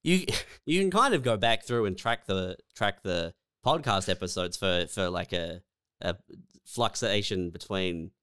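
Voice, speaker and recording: Guy, mid voice, lively pitch, dry close mic, relaxed co-host who asks questions. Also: a little slow, clear, resonant tone, dry recording. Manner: laid-back, probing questions, laughs easily. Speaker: podcast co-host. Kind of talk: casual chat.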